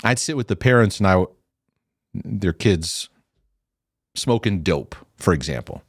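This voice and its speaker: A middle-aged man, once a youth pastor, tells stories in a casual teaching style, speaking in a low-pitched, unhurried, slightly rough voice. He animates the tale by acting out quotes, with some restarts. The recording is dry and studio quality.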